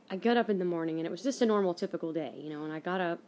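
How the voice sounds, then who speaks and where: A young woman with a somewhat low voice hosts her own podcast and tells a personal story in a loose, chatty way. She rambles, restarts sentences and leans on fillers as she goes. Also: fairly quick, darkish tone. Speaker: podcast host.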